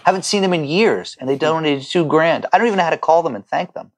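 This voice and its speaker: A middle-aged man with a gravelly edge to his voice talks as a guest on a podcast call. He is heartfelt and keeps catching on repeated words when the feeling gets to him. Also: fairly high pitch, quick pace. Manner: heartfelt, stammering repetitions when moved. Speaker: chef and restaurant owner, guest. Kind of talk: emotional podcast conversation.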